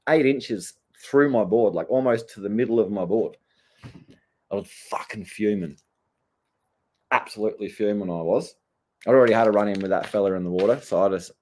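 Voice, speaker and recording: A man's voice: lowish voice, darkish tone. An Australian man who surfs, telling stories in a casual, blunt rant full of swearing. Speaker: surfer vlogger. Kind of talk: casual ranting storytelling.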